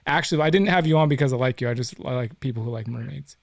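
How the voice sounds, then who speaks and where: A man's voice: medium pitch, racing, creaky, no echo. A man hosting a casual livestream interview, playful and teasing, who laughs often. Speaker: host.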